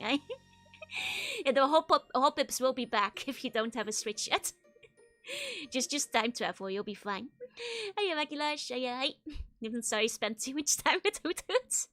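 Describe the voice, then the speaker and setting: A woman with a high, bright voice chats casually on a live stream and answers viewer messages as they come in. Soft game music plays in the background. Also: big pitch swings, measured pace, long pauses.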